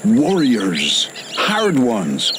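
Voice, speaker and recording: An actor voicing a grubby little male peasant in a fantasy game, with a halting, mock-archaic delivery. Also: mid-range voice, wildly swooping pitch, background noise, heavily acted. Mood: urgent. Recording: game clip with loud birds and crickets.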